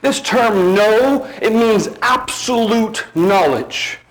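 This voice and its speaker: A man preaching a sermon, emphatic, slowing down on key words and dropping low at the end of phrases. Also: rough recording.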